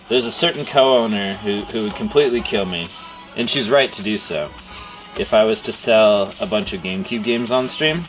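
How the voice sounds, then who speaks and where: A man's voice: on the low side, moderate pace, soft background music. A man who owns a game store, chatting casually on a livestream and rambling through stories. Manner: rambling storyteller, laughs and animated quoting. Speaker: game store owner and streamer.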